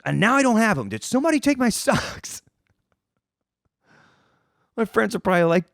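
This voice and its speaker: A young man spins a comic tale as a podcast host, his pitch bouncing high and low as he goes. He rambles, restarts and swears freely. The sound is dry and close. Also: big pitch swings, normal speed, vocal fry, pauses often, no room sound. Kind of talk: casual comedic storytelling.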